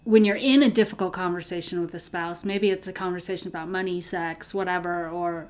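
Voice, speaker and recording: A middle-aged woman co-hosts a podcast conversation in a slightly low voice. She gives practical advice. She speaks calmly and evenly. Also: fairly quick. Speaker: co-host.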